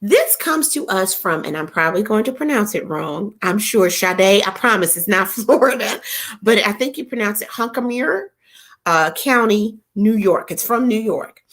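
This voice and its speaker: A woman's voice: expressive, normal speed, fairly bright tone. A middle-aged woman hosting a casual live-stream chat, reading viewer comments and telling a funny story, laughing often. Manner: chatty, laughs often, playful exaggerated swoops in pitch. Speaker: host of a live chat show.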